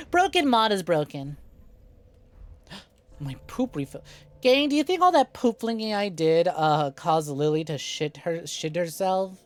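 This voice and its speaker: A woman's voice: fairly low pitch, expressive, unhurried. A woman streaming a co-op game, telling rambling, profane stories to her chat in casual talk. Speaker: VTuber streamer.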